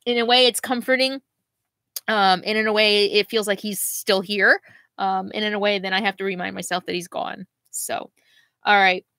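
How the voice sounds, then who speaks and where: Bright-voiced woman reading viewer comments. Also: mid-range voice, steady tone, dry recording. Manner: emotional, halting, laughs through grief. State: near tears at times. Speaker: RV vlogger answering viewer comments. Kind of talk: casual live Q&A chat.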